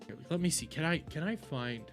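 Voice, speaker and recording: Animated, swearing man reacting. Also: on the high side, brisk, soft background music. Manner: animated, profane, rambling. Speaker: reaction video host. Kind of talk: casual reaction commentary.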